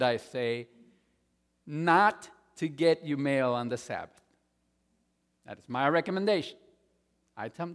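A man preaching a sermon as pastor, stressing points loudly and then dropping to quiet asides. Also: fairly high pitch, expressive, measured pace, long pauses. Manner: emphatic, swings between loud stresses and quiet asides. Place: church sanctuary. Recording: long reverb of a large hall.

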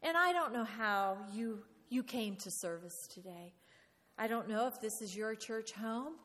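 A woman preaching a lively sermon in a church, playful and animated, often asking the congregation questions. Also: a little high, unhurried, slight background noise. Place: church hall. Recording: reverberant hall.

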